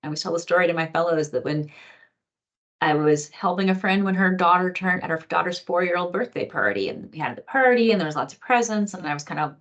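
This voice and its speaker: Woman, middle-aged, lower voice, casual lecturer at a clinical training. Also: fast talker, a bit bright, highs cut off. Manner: conversational, lots of fillers and acted quotes. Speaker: physician trainer.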